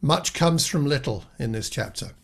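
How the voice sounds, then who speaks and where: Male preacher, mid pitch, earnest and reflective, often restarts and asks rhetorical questions. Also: expressive, moderate pace, vocal fry, breathy edge. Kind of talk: reflective Bible teaching.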